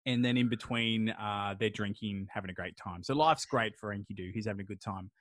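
A podcast host, a man, retelling an old epic in a rambling, crude, jokey way, slipping into quick voices for the characters. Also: fairly low pitch, fairly bright tone, no echo. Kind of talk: casual storytelling chat.

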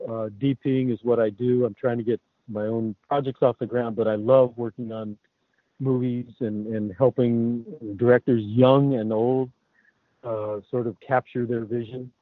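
A man's voice: medium pitch, steady tone, moderate pace, dry recording. A man speaking as an interview guest, a cinematographer chatting in a friendly, hesitant way with many fillers. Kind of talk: casual interview chat. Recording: tinny phone line.

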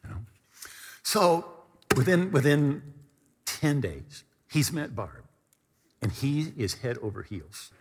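Animated preacher in a reverberant hall. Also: male voice, medium pitch, takes it slowly, pauses often, background noise. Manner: animated, repetitive, shifts from comic to earnest. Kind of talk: storytelling sermon. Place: church hall at a podium.

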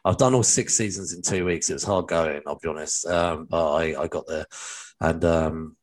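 Very deep-voiced man chatting casually. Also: normal speed. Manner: chatty, rambling with many fillers. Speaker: podcast co-host. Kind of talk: casual podcast chat.

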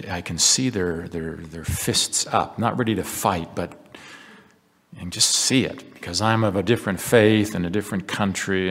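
A deep-voiced man with a gravelly, husky tone gives a slow, earnest devotional talk. His voice rings with the long reverb of a large hall. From United States. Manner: reflective, earnest storytelling with scripture readings. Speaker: religious speaker.

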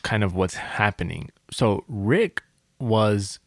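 A man's voice: fairly low pitch, expressive, takes it slowly, vocal fry, no echo, clean studio sound. A man, a musician, chatting casually and filling in background for listeners. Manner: brief interjections, explains for listeners. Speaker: podcast co-host and musician. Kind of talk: casual chat.

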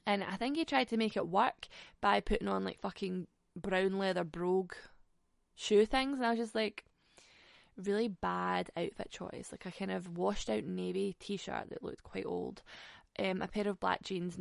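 Sweary Scottish woman with vocal fry. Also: medium pitch, moderate pace, dry recording, clean studio sound. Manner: sweary, sarcastic, animated anecdote-telling. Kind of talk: casual storytelling.

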